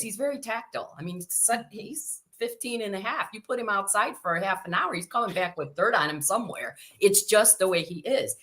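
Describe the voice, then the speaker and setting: A woman's voice: medium pitch, fairly quick, few pauses. A woman in her sixties from Chicago, a guest telling stories in a casual interview and acting out the voices she quotes. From Chicago, USA. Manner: animated storyteller who acts out quoted voices.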